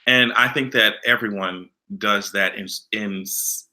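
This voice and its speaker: Gossip vlogger, male, sharp bright voice, profane and sassy. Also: lowish voice, a little slow. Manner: blunt, profane, sassy and animated. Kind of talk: casual celebrity gossip commentary.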